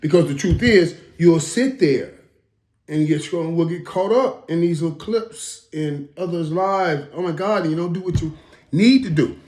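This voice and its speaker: A man in his fifties hosting a casual reaction monologue, talking emphatically with stammered restarts and dropping into low mutters. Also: normal speed, darkish tone. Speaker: host. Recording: roomy echo.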